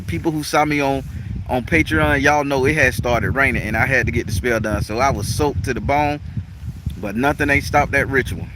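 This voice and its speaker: A man chatting casually and profanely to his viewers outdoors, laughing often. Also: medium pitch. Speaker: spiritual practitioner and channel host. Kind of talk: casual vlog chat to viewers. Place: outdoors in a rural natural setting. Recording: loud outdoor noise.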